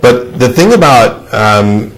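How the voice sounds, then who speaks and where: A man hosting a studio discussion show, speaking in a measured, thoughtful way with frequent fillers. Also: mid-range voice, sing-song, poor audio. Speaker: show host.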